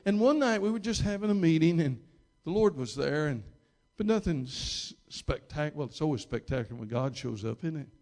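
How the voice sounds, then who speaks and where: A man's voice: animated, brisk, few pauses, a little mellow. Rambling, emphatic male pastor. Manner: rambling, with many restarts and repeated words; emphatic, rising in pitch and volume at key moments. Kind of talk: storytelling sermon.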